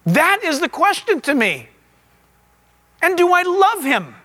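A man's voice: very high voice, measured pace. A male pastor giving a conversational sermon, telling stories and asking the listeners questions. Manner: animated storytelling, asks the listeners questions.

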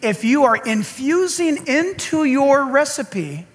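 A man preaching a sermon in an animated, joking way, with sarcastic asides to the congregation. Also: very high-pitched, slow pace. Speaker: pastor.

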